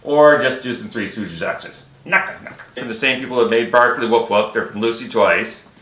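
Bright-voiced male puppeteer, rambling. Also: medium pitch, normal speed. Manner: rambling, hesitant, many fillers. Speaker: church puppeteer, guest. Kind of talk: casual interview chat. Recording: echoey room.

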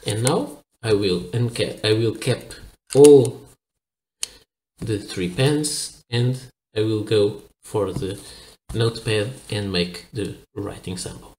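A man's voice: fairly low pitch, slow, a little mellow, roomy sound, slight background noise, poor audio. A man from Portugal hosting a fountain pen review, explaining carefully and a little hesitantly as he shows the pen. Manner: careful, hesitant explaining while handling objects. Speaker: pen reviewer, channel host. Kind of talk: product review with demonstration.

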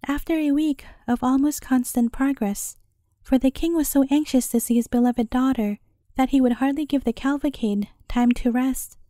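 Woman storyteller, bedtime story narration, high mellow voice, gentle and measured, dry close sound. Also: dry recording.

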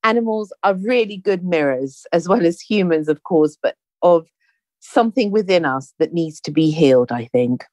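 A woman hosting a conversation, telling a story in a chatty, animated way and acting out the dialogue. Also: lowish voice, moderate pace, no echo. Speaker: podcast host. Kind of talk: casual anecdotal storytelling.

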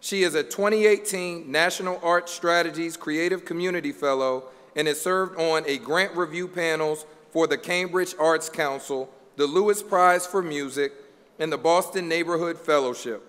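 A man's voice: on the high side, moderate pace, a bit bright, clean tone. A man reading formal award introductions at a ceremony, building each one up to applause. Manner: reads prepared biographies, building to applause. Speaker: award presenter. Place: large hall. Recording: hall with long reverb.

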